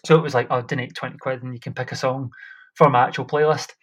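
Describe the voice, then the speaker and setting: A man's voice: mid-range voice, fairly even intonation, fast, breathy edge. A young man telling stories in a casual chat as a podcast guest, enthusiastic and rambling.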